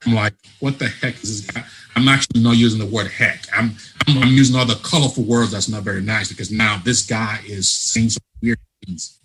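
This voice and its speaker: A man from Africa, a guest on an interview, telling a personal story in a lively way, acting out voices and laughing often. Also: fairly low pitch, a little fast, breathy edge, poor audio. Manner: animated storyteller, laughs often, acts out dialogue. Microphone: remote call.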